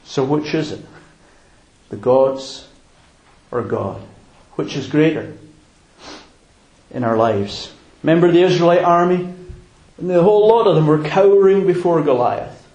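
A man preaching a sermon as a pastor, emphatic and deliberate with long pauses. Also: fairly high pitch, a little mellow, muffled recording. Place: church. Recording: roomy church hall.

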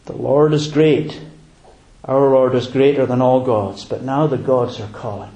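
A man preaching a sermon as a pastor, emphatic and deliberate with long pauses. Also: mid-range voice, steady tone, dark tone, highs cut off. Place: church. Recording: roomy church hall.

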